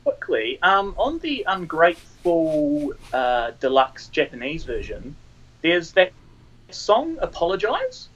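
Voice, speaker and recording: A man's voice: fairly high pitch, wildly swooping pitch, takes it slowly, a bit bright, lo-fi sound. A man asking an interviewer's questions, hesitant and polite.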